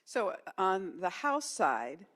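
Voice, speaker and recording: A woman, a former member of the House, speaking in a measured, conversational way on a lecture panel with frequent ums. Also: mid-range voice, big pitch swings, fairly bright tone.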